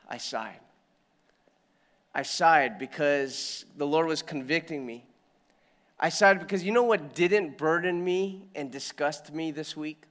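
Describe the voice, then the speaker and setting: Man preaching, earnest and kinda heavy, sighs a lot, slightly high voice. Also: long reverb tail. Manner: earnest, reflective, with frequent sighs and quiet trailing phrases. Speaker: pastor. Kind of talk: sermon.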